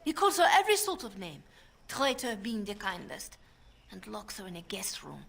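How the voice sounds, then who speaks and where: A woman's voice: mid-range voice, huge pitch swings, moderate pace, vocal fry, fairly bright tone, heavily acted. A woman voicing an anxious young handmaiden to a queen, speaking with a heavy French accent in an earnest, pleading way. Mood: urgent.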